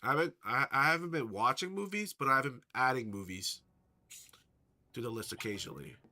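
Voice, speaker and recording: A man's voice: mid-range voice, animated, a little fast, bright, forceful tone. A young man chatting casually on a live stream, rambling and answering viewers' chat messages. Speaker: livestreamer. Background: faint background music.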